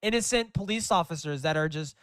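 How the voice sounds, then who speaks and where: A man's voice: a little high, fairly quick, fairly bright tone, clean tone, no room sound, clean studio sound. A man giving casual gameplay commentary, crude and mocking, laughing often. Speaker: gaming commentator.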